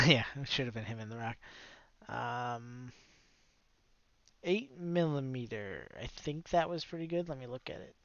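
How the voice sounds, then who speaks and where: A man's voice: mid-range voice, lively intonation, a little slow, a bit bright, no room sound, highs cut off. A man co-hosting a podcast in casual chat, blunt and opinionated, swearing freely and laughing often. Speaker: podcast co-host.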